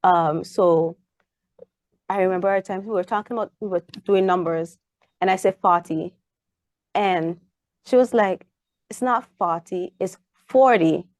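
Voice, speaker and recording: A young woman with a Caribbean English accent, chatting as an interview guest and acting out lively stories about her daughter. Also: lowish voice, a little slow, pauses often, no room sound, studio quality. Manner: animated storyteller, acts out her child's voice. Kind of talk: casual interview chat.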